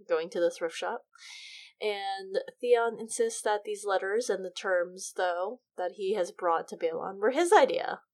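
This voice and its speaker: A woman in casual podcast conversation, talking about a book and acting out lines with lots of energy. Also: medium pitch. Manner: animated, acts out quotes in big voices. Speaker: podcast co-host.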